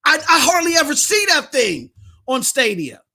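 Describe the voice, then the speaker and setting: High-pitched, excitable podcast host ranting. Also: male voice, normal speed, gravelly. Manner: animated, often yelling, addresses viewers directly. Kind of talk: live-streamed commentary rant.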